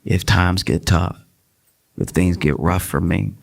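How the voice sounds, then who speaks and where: A male stand-up comedian telling a story on stage in an animated, conversational, self-deprecating way. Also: deep voice, slow, gravelly. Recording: live room with loud audience. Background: audience laughter.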